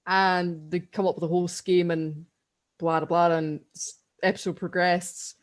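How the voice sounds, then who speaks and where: A woman's voice: lowish voice, flat delivery, normal speed. Scottish girl on a podcast, rambles a lot, keeps giggling. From Scotland. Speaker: podcast co-host. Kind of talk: casual chat.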